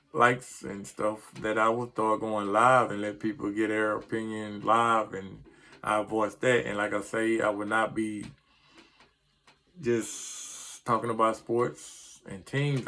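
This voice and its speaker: A man's voice: on the low side, bright, forceful tone. A middle-aged man, ranting casually about his sports team in a rambling, frustrated way that trips over words. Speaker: sports vlogger.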